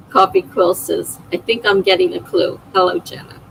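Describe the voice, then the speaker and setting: A woman's voice: fairly low pitch, a little slow, vocal fry, a little hiss or hum, rough recording. A middle-aged woman hosting a livestream, chatting casually and laughing often as she reads viewer comments aloud. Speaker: livestream host.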